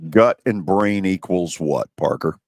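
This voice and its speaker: A man's voice: low-pitched, measured pace, no room sound, studio quality. A man hosting a sports radio show, teasing his panel and running the banter. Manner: animated, teasing, drives the banter. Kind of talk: casual sports talk.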